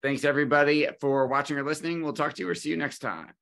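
A man's voice: on the high side, fairly even intonation, fast talker, gravelly, a bit bright. A man hosting an interview show who thanks his guest and signs off in an upbeat way. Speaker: interview host. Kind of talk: show sign-off.

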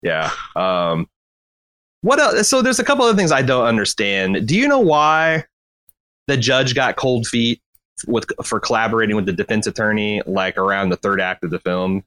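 Low-voiced man rambling about a film. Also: normal speed, no room sound. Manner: rambling, self-correcting, animated. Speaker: podcast co-host. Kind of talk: casual film discussion.

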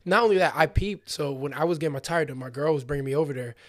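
A man's voice: fairly high pitch, fast. A young man animatedly telling a story in casual slang, acting out what people said.

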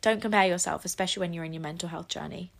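A woman's voice: on the low side, racing, vocal fry. A young woman hosting a solo podcast, speaking earnestly and encouragingly, with self-deprecating asides. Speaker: podcast host.

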